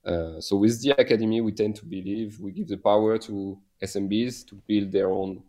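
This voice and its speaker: A man's voice: on the low side, steady tone, moderate pace, dark tone. A man with a French accent, a guest in a casual podcast interview, speaking hesitantly with many fillers and restarts. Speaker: guest, software company founder.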